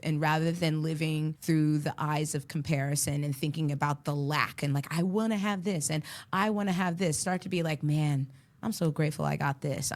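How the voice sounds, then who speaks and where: Low-voiced encouraging woman. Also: darkish tone. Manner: encouraging, preachy, playful. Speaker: podcast co-host. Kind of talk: casual podcast chat.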